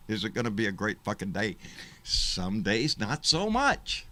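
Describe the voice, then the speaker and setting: A man's voice: on the low side, sing-song, measured pace, pushed and bright. A man hosting a live political stream, talking casually in an emphatic, rambling way and swearing freely. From Texas. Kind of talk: casual livestream talk.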